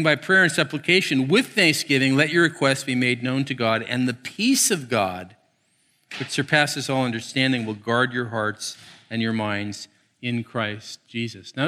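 A middle-aged male pastor preaching a sermon, telling animated stories with playful asides. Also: medium pitch.

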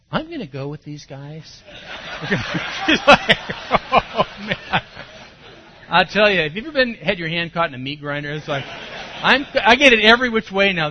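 A man preaching a sermon as a pastor, telling his story with animation and sudden loud bursts. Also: on the high side, slight background noise. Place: church service. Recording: dull lo-fi sermon recording.

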